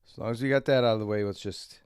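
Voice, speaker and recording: A man chatting casually on a morning stream, tired and rambling, with crude, self-mocking remarks and frequent throat clearing. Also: lowish voice, fairly even intonation, racing, a little mellow, dry recording, studio quality. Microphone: desk mic.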